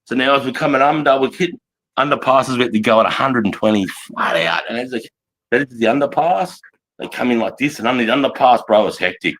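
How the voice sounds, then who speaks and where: An Australian army veteran in his forties tells war stories in a casual, rambling, heavily profane chat, laughing often. His voice is medium in pitch, fast, and fairly bright.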